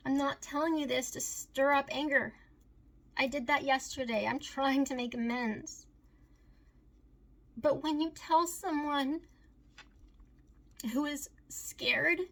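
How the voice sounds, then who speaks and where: A woman speaking in an earnest, pleading monologue, recounting a painful family moment as a recovery advocate. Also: high voice. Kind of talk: emotional personal monologue.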